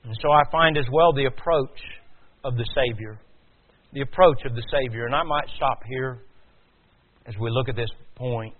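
Male preacher, mid-pitched, builds from hushed to loud emphasis; thin, narrow sound. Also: moderate pace. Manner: swings from quiet to loud, rising emphatic. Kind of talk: sermon. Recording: tinny phone-like sound.

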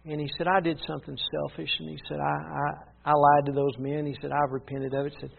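A man's voice: on the high side, completely flat delivery, brisk, vocal fry. A man preaching, earnestly retelling a story and repeating "he said" as he goes. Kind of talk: sermon storytelling. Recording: tinny phone-like sound.

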